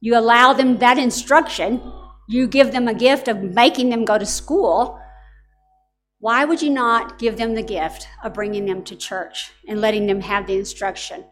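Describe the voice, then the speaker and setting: A woman's voice: a little high, normal speed, faint music behind. A middle-aged woman preaching a sermon to parents, telling stories in an earnest, direct way.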